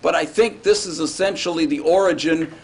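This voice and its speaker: Fairly high-voiced man teaching a class. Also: brisk, slightly rough. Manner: casual, checks in often with "all right?" and "right?". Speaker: Hebrew grammar teacher. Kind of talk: classroom lecture. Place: classroom with students.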